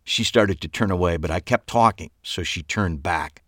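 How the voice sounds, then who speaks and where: A man's voice: deep voice, normal speed, a bit bright, no room sound. A man reading a first-person novel aloud with dry, wry storytelling. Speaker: audiobook narrator. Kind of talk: first-person scripted narration.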